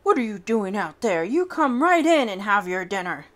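A woman's voice: medium pitch, big pitch swings, moderate pace, fairly bright tone. A woman voicing a playful grandfather in a storybook, calling out cheerfully. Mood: teasing. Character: playful grandfather, old man, jolly.

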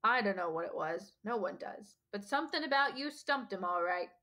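A woman voicing a huge, bearded male gamekeeper who is gruff but kindly and speaks in a rough, folksy country dialect. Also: mid-range voice, animated, normal speed, bright, forceful tone. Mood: earnest.

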